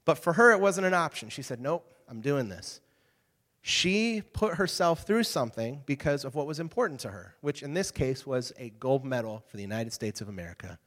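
A man in his thirties speaking to a live group, telling stories in an energetic, animated way with asides to the crowd. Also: mid-range voice, fairly quick, hardly any pauses. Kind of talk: energetic talk to an audience. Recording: reverberant hall.

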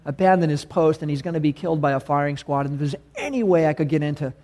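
A man reads a grieving father pleading for his son, earnest and a little halting. His voice sits slightly high for a man. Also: a little mellow, in a large hall, lightly acted.

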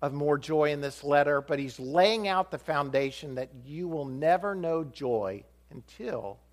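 Pastor, male, lively storytelling sermon, fairly high voice, swings widely in pitch. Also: unhurried. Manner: animated, acts out dialogue with shifting voices.

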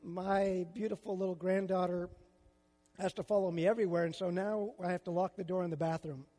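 A man's voice: sits high, fairly even intonation, a little fast, warm tone, long reverb tail. An older man preaching a sermon as a pastor, with a conversational style full of rhetorical questions.

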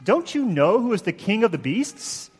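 Guy doing a high excited english beaver, storybook style, big echoey hall. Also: moderate pace, husky, full character voice. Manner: high, emphatic, put-on English accent. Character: excitable talking male beaver, eager and proud.

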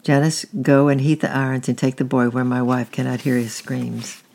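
A storyteller voicing a stern, weary Roman master of a household, speaking gravely and evenly. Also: mid-range voice, flat delivery, normal speed, darkish tone, lightly acted.

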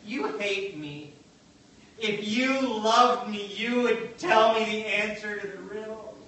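A woman's voice: medium pitch, slow pace, a bit bright, very echoey, recorded from a distance, voice pushed up, poor audio. A man voicing a pleading, tearful young wife who accuses her husband of not loving her.

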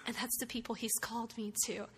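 A woman from the United States, a missionary speaker, giving an earnest, emotional personal testimony with soft laughs. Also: fairly high pitch, flat delivery, fast talker, a little hiss or hum. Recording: long hall reverb, faint ambience.

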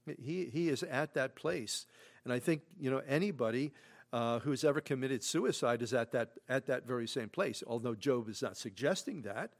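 A middle-aged man preaching a sermon as pastor, talking conversationally with many asides, shifting from hushed tones to loud emphatic bursts. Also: medium pitch, normal speed. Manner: conversational, repeats himself, frequent "you know". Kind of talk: expository sermon.

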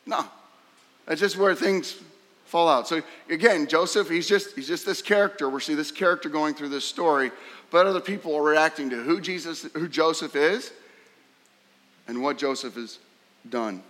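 A man preaching a sermon, emphatic and fond of rhetorical questions, sometimes jumping sharply higher to act out a scornful voice. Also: normal speed, fairly bright tone. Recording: long hall reverb.

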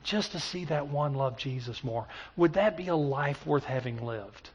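A man's voice: fairly high pitch, normal speed, breathy edge. Man preaching, muffled lo-fi sound. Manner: storytelling, builds to impassioned emphatic preaching. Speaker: pastor. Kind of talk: sermon.

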